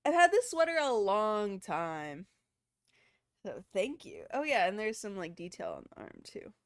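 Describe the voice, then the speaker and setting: A woman's voice: mid-range voice, huge pitch swings, a little slow, dry recording, studio quality. A woman chatting casually with her viewers on a live stream, rambling from one thing to the next.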